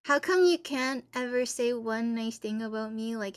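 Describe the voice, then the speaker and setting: A woman's voice: a little high, moderate pace. A woman streamer talks casually with her chat, rambling and playful. She giggles often and moves loosely from one thought to the next.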